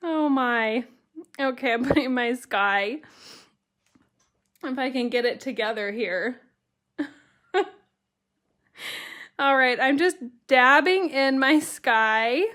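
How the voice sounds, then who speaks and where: A woman's voice: sits high, a bit bright. A woman teaching a watercolor stamping tutorial on a live stream, chatting with viewers and laughing through her words. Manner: bubbly and chatty, reading out viewer comments.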